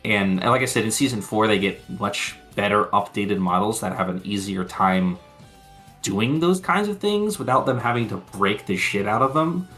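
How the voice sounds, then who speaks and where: A man's voice: lowish voice, animated, moderate pace, sharp tone, soft background music. A man co-hosting a podcast, chatting casually and rambling through episode recaps, swearing freely and laughing often. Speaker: podcast co-host.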